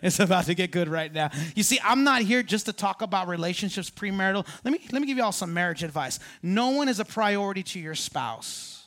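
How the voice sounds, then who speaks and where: A man preaching a sermon as pastor, animated, calling on the congregation to respond and jumping up in pitch for emphasis. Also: brisk, few pauses.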